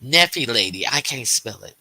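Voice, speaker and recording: Bright, hesitant man rambling on a livestream. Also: medium pitch, animated, moderate pace, no echo, low-quality recording. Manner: rambling, hesitant, many fillers and restarts; reads and answers viewer chat aloud. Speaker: livestream host. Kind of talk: casual livestream chat.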